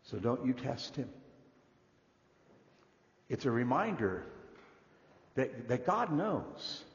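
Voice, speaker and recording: A man preaching a sermon in an animated way, his delivery moving between loud and hushed. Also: mid-range voice, takes it slowly, gravelly. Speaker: pastor. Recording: dull echoey hall recording.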